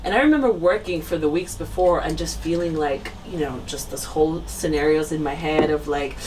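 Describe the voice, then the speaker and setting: A woman's voice: low-pitched, a little fast. A woman host asking rambling, enthusiastic questions in a casual interview. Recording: distant mic with faint ambient noise.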